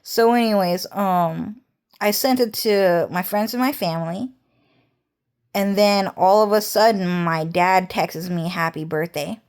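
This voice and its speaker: A woman vlogger telling a personal story in a rambling, casual monologue, swearing often and filling pauses with "um" and "so anyways". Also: medium pitch, a little mellow, clear, resonant tone. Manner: rambling, profane, frequent "so anyways" and "um".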